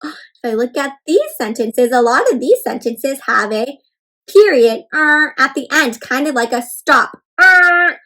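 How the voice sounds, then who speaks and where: A woman's voice: fairly high pitch, expressive, unhurried, poor audio. A woman giving an interactive read-aloud for children, gasping and talking straight to her young listeners. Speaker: storyteller.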